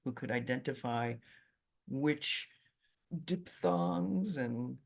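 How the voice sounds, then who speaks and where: A middle-aged woman from Brazil, a Portuguese native speaker with a slight Brazilian accent, answering interview questions as an animated, expressive storyteller. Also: very deep voice, drawn-out words, vocal fry. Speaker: medical interpreter, interview guest.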